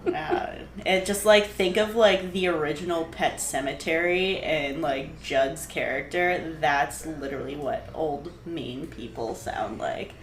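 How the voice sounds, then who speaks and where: A young woman co-hosts a casual podcast, rambling in an animated, slangy way. Her voice sits a little low. The room echoes noticeably, with a faint hiss underneath. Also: a little slow, few pauses. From New England. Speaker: podcast co-host. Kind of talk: casual chat.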